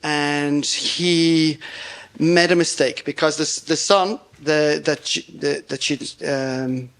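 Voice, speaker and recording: A man's voice: fairly high pitch, steady tone, slow, fairly bright tone, clear, resonant tone. A man, a ghost tour guide, chatting as an interview guest and telling folklore in a rambling, chuckling way. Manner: rambling storyteller, chuckles often. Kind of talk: casual interview chat.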